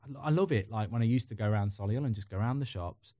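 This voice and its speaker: A man's voice: on the low side, racing, dark tone, no echo, studio quality. A middle-aged man chatting candidly as a podcast guest, rambling through personal stories. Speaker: podcast guest, football YouTuber. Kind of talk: casual chat.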